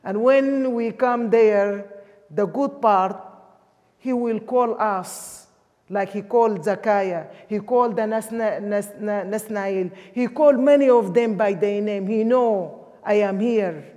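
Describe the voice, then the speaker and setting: A woman's voice: mid-range voice, slow, warm tone. A woman from Sudan, preaching a sermon emphatically in English. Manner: emphatic, with non-native English grammar. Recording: long hall reverb.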